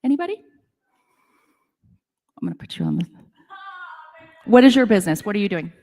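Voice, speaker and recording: A woman's voice: medium pitch, huge pitch swings, fairly quick, darkish tone. Middle-aged lady chatting to a crowd at a business event, lots of "like", echoey hall. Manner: chatty, self-deprecating, lots of "like". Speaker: speaker at a women's business event. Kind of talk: casual storytelling talk to a live audience. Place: conference room with audience. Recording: long reverb of a hall.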